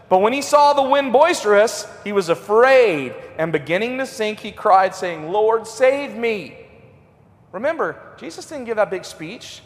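A middle-aged man preaching a revival sermon in a church, swinging between loud and hushed. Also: sits high. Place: church sanctuary. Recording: long hall reverb.

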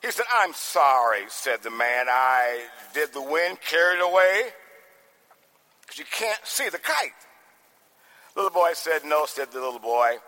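A man preaching a sermon as pastor, swinging from soft talk to shouting. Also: fairly high pitch, sing-song, a little slow, long pauses. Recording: long hall reverb.

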